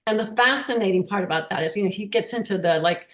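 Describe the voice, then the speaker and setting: A woman shares personal stories as a guest in a halting, casual way, full of restarts and fillers. Her voice sits at a middle pitch. The room gives it a roomy echo.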